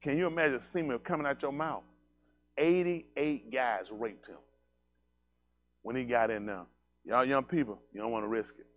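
A man preaching to his congregation in a blunt, animated, conversational way, using slangy speech, asking listeners questions, and often laughing. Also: medium pitch, moderate pace, long pauses. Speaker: pastor.

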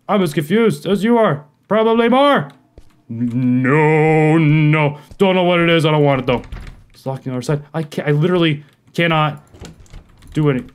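A man hosting a horror game playthrough, talking to himself in jumpy, profane commentary that swings from muttering to yelling. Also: on the high side, normal speed, smooth. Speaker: gaming video host.

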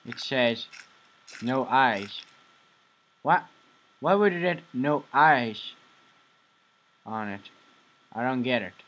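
A man's voice: mid-range voice, animated, takes it slowly, pauses often, a bit bright, poor audio. A young man commenting on a horror game as he plays, jumpy, muttering to the game and then shrieking at scares. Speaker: gamer.

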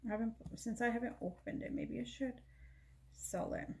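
A woman's voice: a little high, fairly even intonation, moderate pace, a little mellow, slight background noise. A woman beauty vlogger talking casually as she shows her makeup, chatty and rambling, often correcting herself mid-sentence. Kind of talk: casual chat showing makeup.

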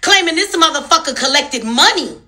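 A young woman launches into a heated commentary rant, her bright, tense voice swinging widely in pitch. She hammers home her points with profanity and pointed rhetorical questions, fierce and emphatic throughout. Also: expressive, normal speed. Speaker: social media commentator.

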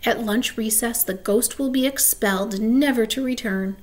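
A woman's voice: a little high, moderate pace, close to an everyday voice. A woman voicing an imaginative, theatrical young schoolgirl with a mysterious air. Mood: earnest.

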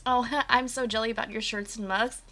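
A woman's voice: on the high side, fairly even intonation, fairly quick, sharp tone. A woman streaming from her apartment, chatting with live viewers, her voice a bit dry and coughy after just waking up. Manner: bubbly, chatty, greets viewers by name. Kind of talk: casual chat with live viewers. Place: home apartment. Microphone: desk mic.

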